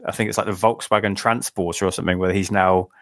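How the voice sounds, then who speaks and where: A man's voice: low-pitched, fairly even intonation, fast, fairly bright tone, no room sound. A man, a guest on a film podcast, making dry, wry jokes in casual chat. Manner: wry, dryly joking.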